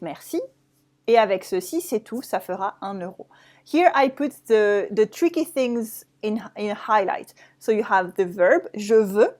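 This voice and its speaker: A woman's voice: on the high side, a little mellow. Give me a French woman with a French accent, explaining a lesson patiently. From France. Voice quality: explaining step by step, with restarts. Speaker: French teacher. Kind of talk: online language lesson.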